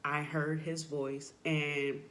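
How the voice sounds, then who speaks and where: A woman giving a heartfelt, unscripted faith testimony. She speaks earnestly and haltingly, often filling pauses with "like" and "you know," and turns emotional and soft at times. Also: deep voice, level tone. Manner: emotional, voice drops softly at times. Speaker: person sharing a faith testimony.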